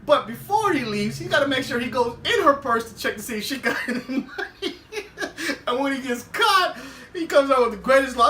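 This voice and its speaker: A man hosting a podcast, giving a casual, animated recap of a TV episode, laughing often and acting out the characters' lines. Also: extremely high pitch, normal speed, far from the mic, slight background noise. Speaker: podcast host. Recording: roomy, away from the mic.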